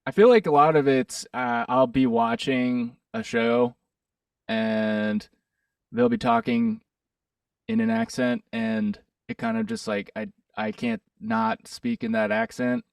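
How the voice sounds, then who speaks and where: A musician from Pittsburgh talks loosely in an interview, his voice gravelly and swinging up and down in pitch. He hesitates, restarts and fills gaps as he goes. The sound is dry and set back from the mic. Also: very animated, takes it slowly, dry recording, far from the mic. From Pittsburgh, USA. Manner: rambling, hesitant, with many fillers and restarts. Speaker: musician guest. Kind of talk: casual interview chat.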